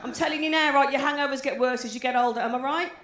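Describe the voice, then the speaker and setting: Brash high-voiced West Midlands comedian. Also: female voice, fast, fairly bright tone. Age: 40s. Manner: brash, swearing, teasing the crowd. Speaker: stand-up comedian. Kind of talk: live stand-up with crowd work. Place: comedy gig venue. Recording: echoey live room with background noise.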